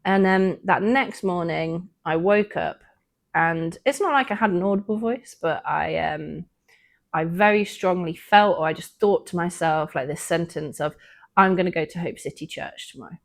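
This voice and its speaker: A woman's voice: on the low side, moderate pace. A woman, co-hosting a podcast and earnestly recounting a personal faith story in a casual, reflective way. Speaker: podcast co-host.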